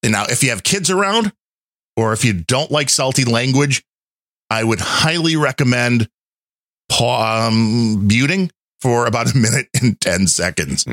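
A man's voice: mid-range voice, lively intonation, measured pace, fairly bright tone, dry recording, clean studio sound. A man hosting a podcast, chatting in a rambling, conversational way. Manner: rambling, conversational, many fillers. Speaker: podcast host. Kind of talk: casual chat.

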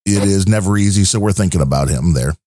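A man's voice: deep voice, fast, mellow, no room sound, clean studio sound. A man co-hosting a podcast, reading out listener donations in a loose, joking, rambling way. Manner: joking, rambling, laid-back. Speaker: podcast co-host. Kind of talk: casual podcast chat reading listener support.

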